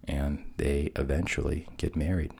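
A man narrating a fairy tale softly, at times dropping to a whisper. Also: rumbling low, fairly even intonation, unhurried, gravelly, breathy edge. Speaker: storyteller.

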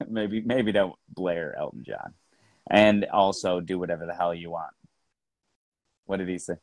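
Man, low voice, joking podcast banter, laughs a lot, dry close sound. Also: expressive, takes it slowly, long pauses, darkish tone, no echo. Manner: joking, laughs often, mock accents. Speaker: podcast co-host. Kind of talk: casual banter while drawing.

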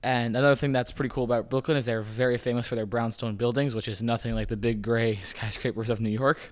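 A man's voice: mid-range voice, steady tone, fast talker. A man hosting a podcast, explaining things in a loose, rambling way, often saying "kind of" and "like". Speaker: podcast host. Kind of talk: casual informational talk.

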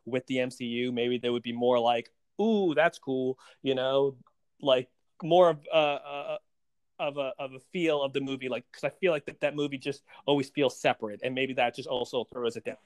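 A man co-hosting a casual movie-ranking podcast, rambling with restarts and getting animated when poking fun. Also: mid-range voice, a little fast, no room sound. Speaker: podcast co-host.

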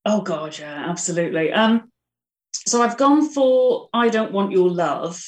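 A woman guest on a radio music show, talking quickly and eagerly about her favourite songs. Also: medium pitch, expressive, recorded from a distance. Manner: quick, enthusiastic music talk. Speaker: guest presenter. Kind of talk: casual chat. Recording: roomy sound from off-mic.

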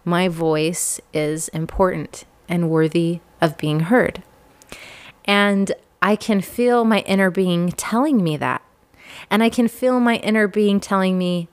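A woman's voice: mid-range voice, slow. A woman in her thirties telling a personal story in a candid, self-deprecating way, often laughing.

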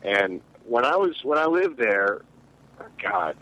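A man with a Midwestern American accent, starting a childhood story in a halting, hesitant way. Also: mid-range voice, sing-song, bright, forceful tone. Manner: halting, hesitant, full of restarts. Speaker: podcast co-host. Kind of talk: casual storytelling among friends. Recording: dull lo-fi sound.

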